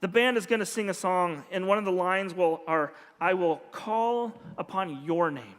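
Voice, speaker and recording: At a moderate pace, a male preacher with a high, slightly bright voice gives a sermon built around stories. He acts out the dialogue with energy, and the church sanctuary lends long hall reverb, with faint music behind him.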